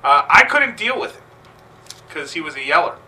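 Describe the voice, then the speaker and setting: A man co-hosting a podcast, telling loud, profane wrestling stories in casual chat. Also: fairly high pitch, big pitch swings, normal speed. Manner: loud, profane, bursts of shouted impressions. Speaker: podcast co-host, former wrestler. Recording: distant mic with faint room noise.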